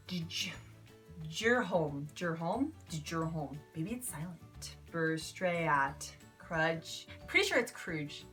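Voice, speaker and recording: A woman's voice: mid-range voice, sharp tone. A woman in her twenties, talking casually and with bubbly enthusiasm in a book review vlog. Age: 20s.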